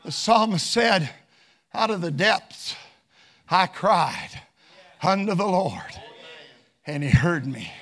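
A man's voice: sits high, expressive, takes it slowly, pauses often, fairly bright tone. A man preaching a sermon in a fervent, emphatic way.

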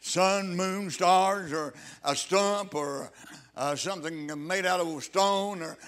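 Fervent male preacher with a high voice, stumbling restarts and loud rising emphasis. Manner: halting with repeated restarts. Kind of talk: sermon.

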